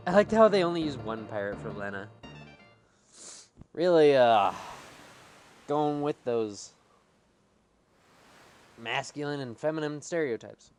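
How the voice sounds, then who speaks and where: A chatty streamer rambles through casual let's-play commentary, peppering every thought with "like." The voice rises and falls in a lively way, over faint video game music. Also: mid-range voice, measured pace, pauses often.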